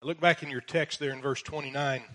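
A man of middle pitch gives an earnest verse-by-verse sermon in a church. He stresses key words with force and reads scripture in old King James English. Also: steady tone, a little fast, bright, forceful tone. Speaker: preacher and Bible teacher.

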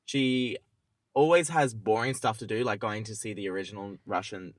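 Low-voiced man podcast co-host, dry sound. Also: steady tone, normal speed, no room sound. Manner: loose, hesitant retelling full of fillers. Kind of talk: casual chat.

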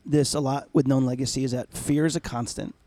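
A man around forty, chatting casually as a podcast co-host and telling a lively story. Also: mid-range voice, fairly quick, a little hiss or hum. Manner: animated storyteller, acts out voices and screams.

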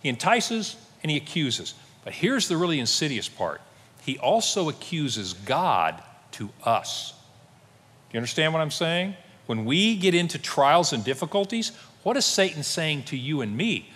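Animated male pastor preaching in a hall. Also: a little high, moderate pace, slightly rough. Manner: animated storytelling, acting out quoted voices. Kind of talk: sermon. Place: church sanctuary.

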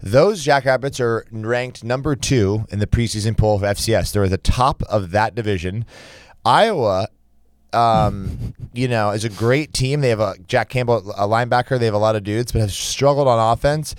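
A man's voice: on the low side, normal speed, no room sound, studio quality. A young man co-hosting a casual sports betting podcast, rambling and restarting his sentences as he gives his picks. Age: young adult. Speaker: podcast co-host.

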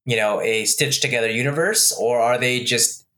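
A man with a bright, crisp voice talks casually about movies. He sounds chatty and a little hesitant, tossing questions back to his friend. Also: mid-range voice, moderate pace. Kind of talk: casual chat.

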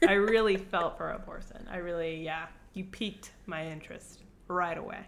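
Animated young woman, casual chat. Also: lowish voice, normal speed, a little hiss or hum. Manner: animated, swears freely, acts out characters in quotes. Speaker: book club podcast co-host.

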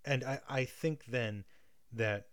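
A man's voice: mid-range voice, slow pace, a bit bright, no echo, clean studio sound. A man in a casual analytical chat, thinking aloud with many restarts and frequent checks of "right?". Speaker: guest discussing film and theatre.

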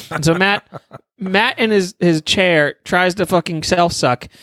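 A man's voice: high voice, takes it slowly, a bit bright, dry recording, clean studio sound. A young man casually improvising a crude, joking story, rambling with many fillers.

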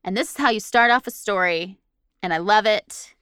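A woman's voice: medium pitch, moderate pace, clear, resonant tone, no room sound. A woman co-hosting a podcast, reading a listener's ghost story aloud with expression and laughing along. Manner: animated, laughing, reads with expression. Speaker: podcast co-host. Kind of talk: reading listener stories, casual banter.

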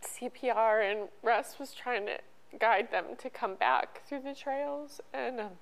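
A middle-aged woman telling a personal story as an interview guest, halting and emotional, with many restarts. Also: fairly high pitch, steady tone, vocal fry, poor audio. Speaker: podcast guest.

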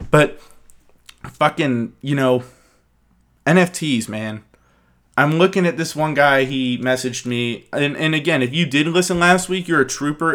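A young man hosting a casual podcast, talking fast and profanely as he rants and mocks people. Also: mid-range voice, fairly bright tone. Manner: profane, ranting, mocking. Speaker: podcast host.

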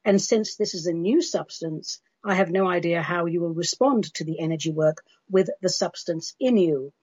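A woman's voice: fairly low pitch, normal speed, a little mellow, breathy edge, no echo, dull audio. An American woman hosting a metaphysical talk show, speaking in an emphatic, frank, declarative way. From United States. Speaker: host.

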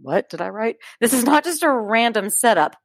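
A woman's voice: fairly high pitch, sing-song, moderate pace, dry recording. A woman co-hosting a podcast, reading a true-crime story from her notes with chatty asides and frequent laughs. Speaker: podcast co-host.

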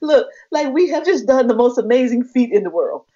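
Brisk and on the high side, a woman's voice carries a casual personal story on a podcast she co-hosts. She animatedly acts out the other people's voices, heard through slightly muffled lo-fi audio.

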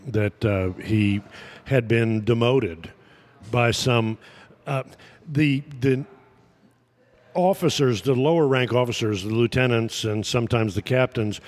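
A man telling a long anecdote as a podcast guest, halting with fillers and chuckling at his own punchlines. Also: medium pitch. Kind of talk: casual anecdotal storytelling.

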